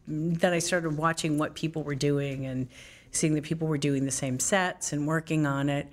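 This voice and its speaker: Lively storytelling woman, lowish voice. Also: moderate pace. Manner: lively storyteller who acts out quoted voices. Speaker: actress and comedian as guest. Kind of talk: candid interview storytelling.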